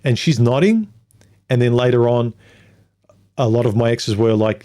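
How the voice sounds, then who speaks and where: A man's voice: medium pitch, moderate pace, dark tone. A man hosting a livestream, reading viewer comments and talking through them in a rambling way, sometimes mocking others in put-on voices. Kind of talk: casual livestream monologue.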